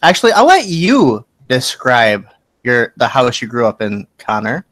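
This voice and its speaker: A man's voice: mid-range voice, measured pace, no echo, low-quality recording. A man running a tabletop game as game master, narrating the scene playfully. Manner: animated, playful narration with laughs.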